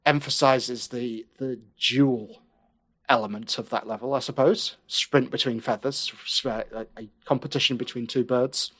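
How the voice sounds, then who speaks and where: A man's voice: mid-range voice, fairly even intonation, normal speed, fairly bright tone. A man who is a guest on a casual podcast. He laughs often and plays along with mock indignation.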